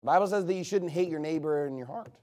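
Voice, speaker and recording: A male pastor preaching a sermon, emphatic and rising to loud passages as he drives his points home. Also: a little high, fast.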